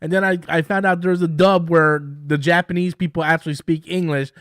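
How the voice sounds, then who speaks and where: High-voiced man rambling through a review. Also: steady tone, a bit bright, no room sound, studio quality. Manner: halting, repeats words, enthusiastic. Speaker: show review host. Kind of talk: casual live-stream review.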